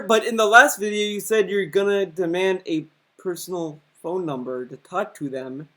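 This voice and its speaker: A man's voice: high-pitched, normal speed, hardly any pauses, a bit bright. Sarcastic, profane male commentator. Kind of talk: reaction commentary.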